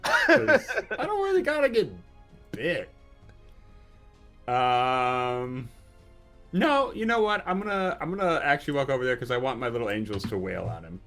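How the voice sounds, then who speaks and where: A man chatting through his turn in a tabletop game with a lively, swooping voice. He giggles and sings sound effects, with faint music in the background. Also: mid-range voice. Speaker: player. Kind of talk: casual tabletop game chat.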